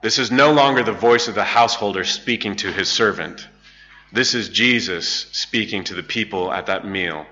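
Male Bible teacher, lowish pitch, chatty storytelling delivery, dull lo-fi recording. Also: moderate pace, pushed and bright. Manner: conversational, storytelling with fillers. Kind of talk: Bible study lecture.

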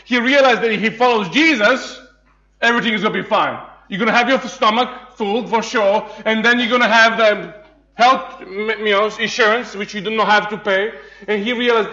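Bright high-voiced pastor. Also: male voice, brisk. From Serbia. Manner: jokey storytelling, laughing, many restarts. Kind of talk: humorous sermon. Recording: dull lo-fi sound.

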